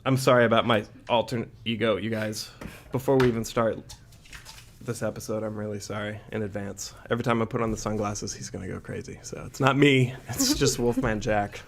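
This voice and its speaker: A man's voice: on the low side, a little fast, a little hiss or hum. A man hosting a comedic radio-style show, bantering in a mock-serious, self-deprecating way. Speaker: host. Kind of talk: joking podcast-style radio chat.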